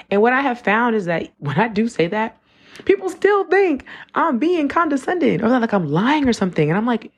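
A woman's voice: fairly high pitch, big pitch swings, brisk, slightly rough. A woman, hosting a casual reflective podcast monologue, talking loosely with lots of "like" and restarts. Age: 20s. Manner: conversational, with frequent "like" and self-corrections. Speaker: podcast host.

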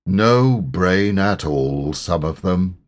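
A man reading an audiobook, voicing a gloomy, self-pitying old grey donkey in a slow, melancholy drawl. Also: sits low, expressive.

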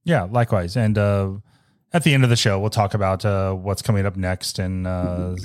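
A man's voice: deep voice, steady tone, moderate pace, a little mellow, dry recording. Guy hosting a music podcast, easygoing, lots of ums, laughs a bunch, dry close mic. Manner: chatty, laughs often, many fillers. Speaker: podcast host. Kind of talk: casual chat.

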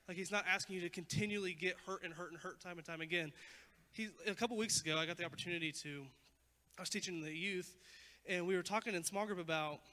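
Casual, high-voiced young male preacher in a reverberant hall. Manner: casual, animated preaching with many "like" fillers. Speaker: youth pastor. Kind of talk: sermon.

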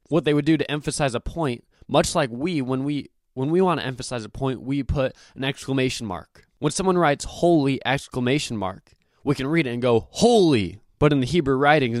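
A man's voice: mid-range voice, no room sound, studio quality. A man hosting a devotional podcast, teaching earnestly and emphatically while quoting scripture. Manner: earnest, emphatic preaching with frequent scripture quotes. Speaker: podcast host.

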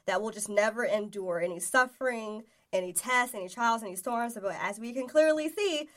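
A woman co-hosting a casual faith talk show, explaining ideas in a relaxed way with soft chuckles. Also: on the high side, normal speed. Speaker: podcast co-host.

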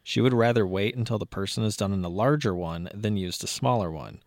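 A man's voice: fairly low pitch, fairly quick, no echo, studio quality. A man co-hosting a casual podcast, reading a post aloud and reacting with frequent laughs. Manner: laughs often, animated when reacting. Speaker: podcast co-host.

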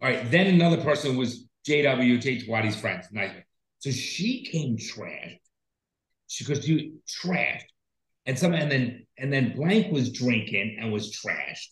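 A man's voice: mid-range voice, lively intonation, measured pace. Profane, rambling man in an echoey room. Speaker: podcast co-host. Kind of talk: casual chat.

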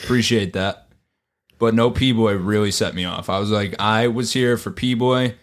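Fairly low-pitched and measured in pace, this sports podcast host keeps things casual and lively, cursing freely and mimicking others with over-the-top voices.

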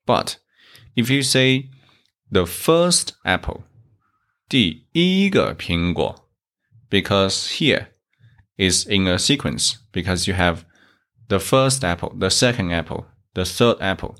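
A man's voice: sits low, expressive, measured pace, fairly bright tone. A man teaching a beginner language lesson, explaining grammar step by step and repeating each example carefully. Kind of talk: slow, deliberate grammar lesson.

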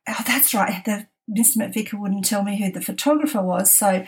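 A woman's voice: mid-range voice, fairly quick. A middle-aged woman telling a family anecdote, laughing often and stammering as she acts out quotes. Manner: amused, laughs often, animated quoting, stammering restarts. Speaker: storyteller. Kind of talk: personal anecdote storytelling.

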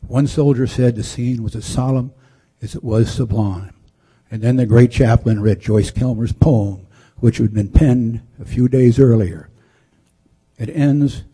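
A man narrating a historical story in a measured, solemn way, now and then stumbling and correcting a word. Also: mid-range voice, mellow, husky. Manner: measured, solemn delivery with occasional slips.

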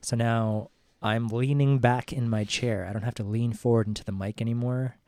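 A man's voice: medium pitch, fairly even intonation, normal speed, a little mellow, dry recording. A man co-hosting a podcast, chatting casually and rambling through stories about movies. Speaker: podcast co-host. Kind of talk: casual chat.

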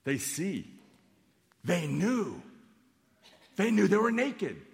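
A pastor preaching a sermon in an animated, emphatic way, repeating phrases for effect. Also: male voice, sits high, takes it slowly, gravelly. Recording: long reverb of a large hall.

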